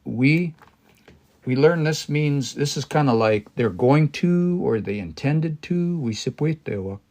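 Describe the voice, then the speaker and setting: A man's voice: on the high side, expressive, darkish tone. Man thinking aloud through a language lesson. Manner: thinking aloud, pausing and restarting, reading phrases slowly. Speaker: language learner teaching a live stream. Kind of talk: casual live-stream language study.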